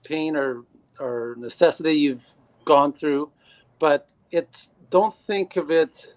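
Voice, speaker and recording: A man on a panel speaking earnestly in a casual discussion, halting and restarting his sentences. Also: on the high side. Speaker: panel guest.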